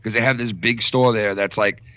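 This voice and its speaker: A man's voice: on the low side, fairly even intonation, normal speed, sharp tone, dry recording. A man from New York telling a rambling, profane story in casual chat on a podcast. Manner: profane, rambling, laughs through stories. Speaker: podcast co-host.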